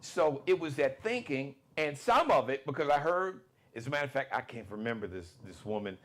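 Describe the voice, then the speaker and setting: A man hosting a live political commentary show, talking in an emphatic, repetitive monologue that swings between loud bursts and low asides. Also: big pitch swings, brisk, a little hiss or hum.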